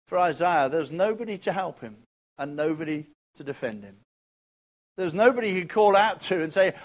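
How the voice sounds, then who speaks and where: A man preaching a sermon with expressive, emphatic delivery and repeated rhetorical questions. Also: a little high, moderate pace.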